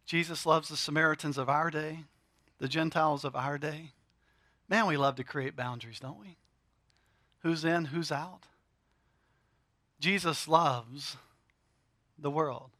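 A middle-aged pastor delivers a sermon, building to emphatic swells and then dropping into dramatic pauses. His voice is bright and forceful, sitting a little high for a man. The sound is dry, with almost no room echo.

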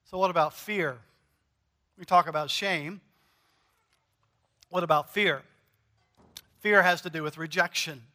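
A man's voice: fairly high pitch, unhurried, pauses often, sharp tone, big-room sound. A male pastor preaching a sermon in an earnest, emphatic way, repeating key phrases.

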